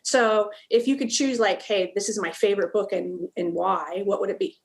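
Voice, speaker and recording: A woman's voice: medium pitch, fairly even intonation, normal speed, creaky. A woman hosting a podcast, asking loose, friendly questions in a casual chat and laughing along. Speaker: podcast host.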